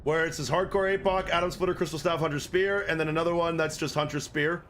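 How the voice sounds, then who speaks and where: A man's voice: on the high side, steady tone, fast talker, a bit bright, a little hiss or hum. A man streaming a game live, swearing in frustration and chatting with his viewers. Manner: profane, exasperated, chatting with viewers. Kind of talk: live gameplay commentary.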